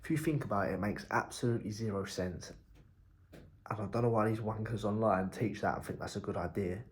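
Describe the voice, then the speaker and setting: A man's voice: on the low side, brisk, a little hiss or hum. A young man, talking casually in a diary-style vlog, blunt and rambling, swearing freely. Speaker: entrepreneur vlogger.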